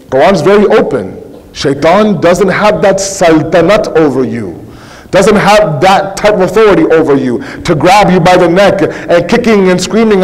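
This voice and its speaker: A man's voice: high voice, expressive, normal speed, long reverb tail, low-quality recording. A male preacher giving a conversational sermon full of rhetorical questions and acted-out quotes. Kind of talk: religious sermon.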